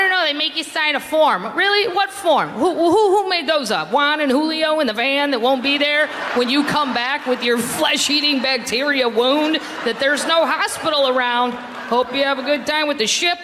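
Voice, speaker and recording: A middle-aged woman doing stand-up comedy storytelling with a handheld stage mic, wry and mock-indignant, in a comedy club with a live audience. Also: high-pitched. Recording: reverberant live club recording with noise.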